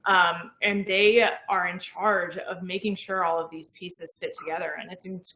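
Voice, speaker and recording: Woman, 30s, bright and enthusiastic; explains clearly in an interview, echoey room. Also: fairly low pitch, steady tone, moderate pace. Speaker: astronaut guest. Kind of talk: conversational interview.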